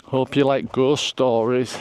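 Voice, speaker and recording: An older man talks casually as he walks the windswept moors, his pitch sitting squarely in the middle range. He rambles from thought to thought, pokes fun at himself and keeps checking in with his viewers. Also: little pitch movement, slow, darkish tone, a little hiss or hum. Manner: chatty, rambling, self-deprecating, addresses viewers directly. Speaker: hiking vlogger. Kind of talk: casual walk-and-talk vlog. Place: outdoors on open moorland, windy hilltop.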